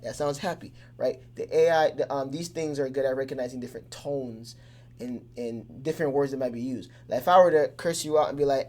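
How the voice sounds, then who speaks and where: Brief: a man as a relaxed lesson host, loose delivery with plenty of fillers, keeps it simple. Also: mid-range voice, fast. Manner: loose and conversational, with many fillers and restarts; keeps things simple with everyday examples. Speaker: teacher. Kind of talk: casual explainer lesson.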